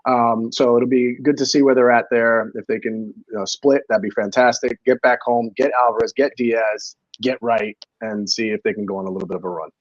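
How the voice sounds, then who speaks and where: A man's voice: mid-range voice, steady tone, a little fast, few pauses, no echo, highs cut off. A man in his fifties, a former ballplayer turned analyst, talking baseball in easygoing chat. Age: 50s. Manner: easygoing, laughs along. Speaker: former player, sports analyst guest. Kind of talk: casual sports talk.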